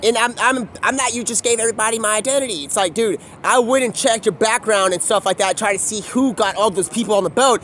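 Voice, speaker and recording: A man's voice: high voice, fast, hardly any pauses, a bit bright, a little hiss or hum. A man telling a rambling, profane comic story outdoors, acting out all of the dialogue himself.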